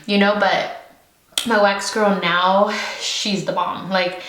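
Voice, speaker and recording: Woman, casual vlog chat, frank, filler-heavy, mid pitch, roomy echo. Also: flat delivery, takes it slowly, a bit bright. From California, USA. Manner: chatty, frank, many fillers. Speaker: beauty vlogger.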